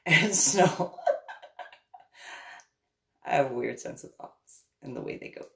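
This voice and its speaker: A woman's voice: rumbling low, expressive, slow pace, gravelly. A woman from New Jersey telling a long, rambling story in a casual vlog, laughing often and acting out what she said. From New Jersey, USA. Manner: rambling, laughs often, acts out her own orders. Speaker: vlogger.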